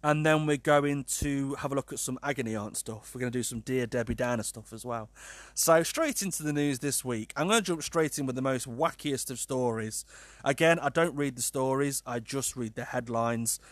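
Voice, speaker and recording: A man hosting a casual podcast monologue, animated and sweary, laughing at his own jokes. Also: mid-range voice, normal speed, dry recording. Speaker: podcast host.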